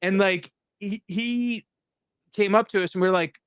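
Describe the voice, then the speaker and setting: A man hosts a podcast in casual conversation, telling stories with animated energy and swearing freely. His voice is smooth and resonant. It is recorded close and dry, with no room sound. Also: sits high, unhurried, no room sound, muffled recording. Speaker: podcast host. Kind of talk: casual chat.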